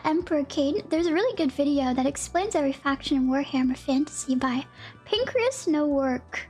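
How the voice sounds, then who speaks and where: Bubbly high-voiced woman livestreamer. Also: animated, moderate pace, darkish tone, soft background music. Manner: bubbly, gasping and giggling, greeting chatters with howdy. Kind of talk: casual livestream chat, reading chat.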